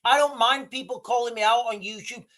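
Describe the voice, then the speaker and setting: A man's voice: extremely high pitch, steady tone, a little fast, sharp tone. A man in his thirties from the United Kingdom, hosting a casual livestream, rambling and chatty as he talks to viewers. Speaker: livestream host.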